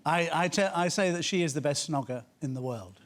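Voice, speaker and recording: A man's voice: on the high side, fairly quick, slight background noise. An older man, a chat show guest, telling dry, self-deprecating stories.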